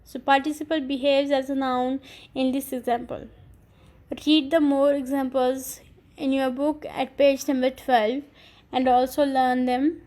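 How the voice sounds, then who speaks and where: A woman teacher giving a recorded English grammar lesson, explaining slowly and carefully and spelling out letters. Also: high-pitched, flat delivery, a little mellow. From Pakistan.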